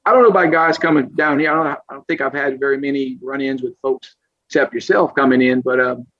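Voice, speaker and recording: A man's voice: medium pitch, steady tone, quick pace, fairly bright tone, dull audio. A man from South Louisiana with a Cajun accent, a podcast guest telling stories in a folksy, casual way, laughing often and acting out other people's voices. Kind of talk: casual storytelling.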